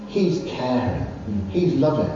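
A man preaching a sermon, telling Bible stories with animated, rising exclamations. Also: medium pitch, slow. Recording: distant, roomy, dull recording with faint noise.

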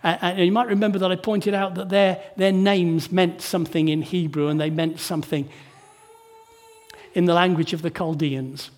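A high-pitched man preaches a sermon in church, moving between hushed and emphatic delivery as he puts rhetorical tag questions to the congregation.

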